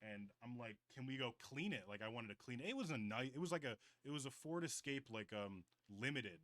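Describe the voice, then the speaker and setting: A man in his twenties co-hosts a podcast, spinning long, rambling stories in casual chat that's packed with "like" and swearing. His voice sits at a medium pitch with lively intonation, a fairly quick pace, and a fairly bright tone, recorded dry.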